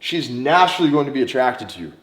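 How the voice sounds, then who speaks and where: A man giving dating advice in a direct, emphatic monologue, sometimes slowing down and stretching words for emphasis. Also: medium pitch, big pitch swings, a bit bright. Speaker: dating coach. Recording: roomy echo.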